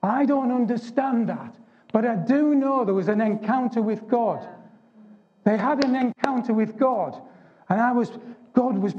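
An Englishman giving an animated, emphatic testimony sermon to a men's gathering. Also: very high-pitched, a little slow. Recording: dull lo-fi recording.

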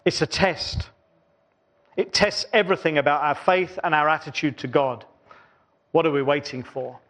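A man with a high-pitched voice preaches a sermon in church. He speaks earnestly, building phrases through repetition and letting his voice fall quieter between them. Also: steady tone, moderate pace. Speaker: pastor.

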